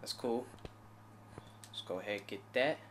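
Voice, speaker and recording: A young man hosting a gaming channel, giving excitable running commentary to his viewers as he plays, often bursting into high-pitched yelling. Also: normal speed, background noise. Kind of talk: live game commentary.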